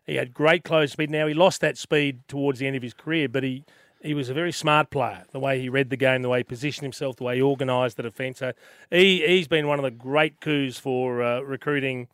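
A man, a former footballer and co-host who talks about players in a measured, analytical way. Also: medium pitch, steady tone, fairly bright tone, no room sound, clean studio sound. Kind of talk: radio banter.

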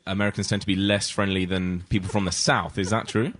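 Low-voiced English male guest. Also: level tone, quick pace, a bit bright. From England. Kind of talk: casual chat.

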